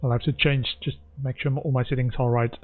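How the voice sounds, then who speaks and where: A man's voice: medium pitch, little pitch movement, brisk, narrow, tinny audio. A man streaming a game, chatting casually and reading on-screen text aloud as he plays. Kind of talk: casual gameplay commentary.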